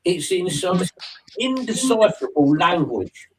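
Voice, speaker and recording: A man's voice: high voice, big pitch swings, unhurried, far from the mic, slight background noise, rough recording. A man, co-hosting a casual podcast and trading dry, teasing banter. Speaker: podcast co-host. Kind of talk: casual chat.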